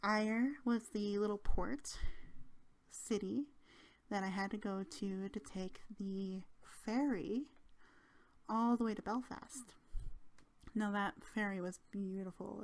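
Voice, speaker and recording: A woman's voice: mid-range voice, a little mellow. Giggly young woman chatting. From Canada. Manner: chatty and giggly, with many fillers. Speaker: channel host. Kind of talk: casual travel storytelling.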